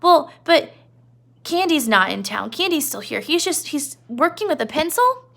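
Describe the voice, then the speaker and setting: A high, eager, childlike voice of a big simple-minded man, as a woman puts him on. He stammers and halts with a gravelly edge, lonely and wanting to please. The tone is bright and keen. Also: sing-song, heavily acted. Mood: eager, pleading. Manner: stammering, halting, pleading.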